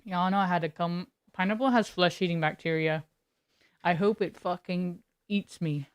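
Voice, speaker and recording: A woman's voice: on the low side, moderate pace, dry recording, studio quality. A woman streamer chatting casually with her live viewers, laid-back and giggly, greeting people by name. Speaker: game streamer.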